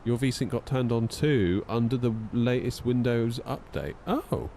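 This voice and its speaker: A man's voice: medium pitch, measured pace, warm tone, a little hiss or hum. A man chatting casually on a flight sim live stream, wry and a little tired, reading out chat messages as he goes. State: yawning, tired.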